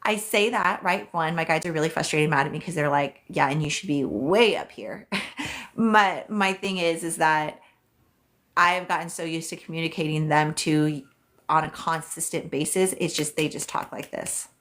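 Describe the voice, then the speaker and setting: A woman with a fairly low voice hosts a casual live stream as a psychic reader. She chats quickly and loosely, full of "um"s and "like"s, and reads her viewers' questions aloud before answering them. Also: steady tone, fairly bright tone.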